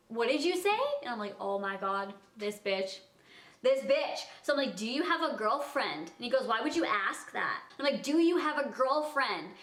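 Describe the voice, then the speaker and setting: Young woman vlogger, fairly high voice, chatty storytime delivery, roomy echo. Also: fairly bright tone. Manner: chatty, heavy use of "like", acts out dialogue. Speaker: vlogger telling a personal story. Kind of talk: casual storytime chat. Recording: echoey room.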